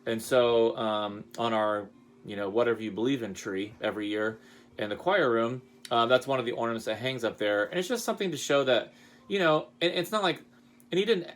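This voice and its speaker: A man, a high school choir director, giving a casual award speech and telling animated stories about his students with lively jumps in his voice. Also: a little fast. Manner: chatty, animated storytelling with lively pitch jumps.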